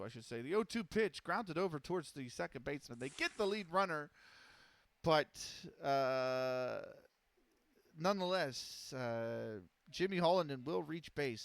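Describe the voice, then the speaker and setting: Streamer man, slightly high voice, dry close sound, steady play-by-play with ums and self-corrections. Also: vocal fry, no echo. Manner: steady, measured calls with frequent fillers and self-corrections. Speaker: streamer calling a simulated baseball game. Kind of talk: casual play-by-play commentary.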